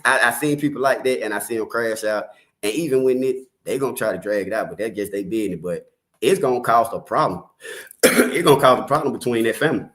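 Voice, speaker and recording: A man's voice: medium pitch, a bit bright. A man with a Detroit accent giving casual, slangy commentary on a true crime case, with laughing asides.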